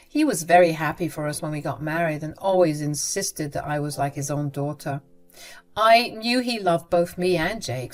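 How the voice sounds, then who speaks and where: A woman reading a first-person story aloud in a steady, measured way. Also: sits low. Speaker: story narrator. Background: faint background music.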